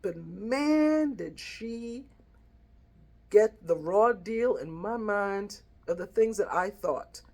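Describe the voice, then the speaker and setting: A woman's voice: mid-range voice, animated, slow pace, a little mellow. Earnest woman telling a heartfelt story. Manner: earnest, reflective, emotional storytelling. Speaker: vlogger. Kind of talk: heartfelt personal vlog.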